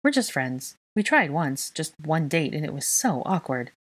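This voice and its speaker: A woman's voice: sits low, big pitch swings, moderate pace, slightly rough, heavily acted. A woman voicing an earnest, timid young woman who tends to ramble, in a fan fiction reading.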